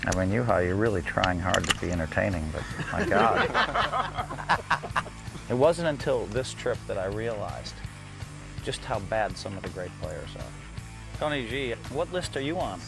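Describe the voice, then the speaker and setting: A man's voice: fairly low pitch, animated, moderate pace, creaky, music in the background, low-quality recording. A man, a professional poker player, speaking in an interview and mocking other players. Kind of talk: interview to camera.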